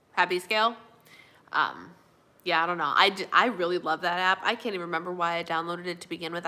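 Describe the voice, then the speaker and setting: A woman hosts a relaxed live stream and reads out comments from her viewers. Her voice is bright and forward, with a loose, chatty delivery full of "um"s and "like"s. She slips in an easygoing "y'all" now and then. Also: fairly low pitch. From Minnesota, USA. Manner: chatty, fillers and yawning, says y'all. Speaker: livestream host. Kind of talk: casual live chat reading viewer comments.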